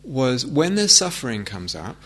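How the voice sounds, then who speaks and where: A man giving a meditation talk, gentle and reflective, with frequent hesitant restarts. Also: mid-range voice, big pitch swings, moderate pace, slightly rough. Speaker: meditation teacher. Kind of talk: dharma talk. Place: meditation hall with audience.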